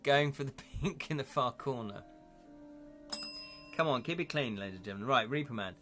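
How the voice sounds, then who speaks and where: British male host, playful and chatty, mid-pitched, narrates gamebook for a live chat. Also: normal speed, over music. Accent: British English.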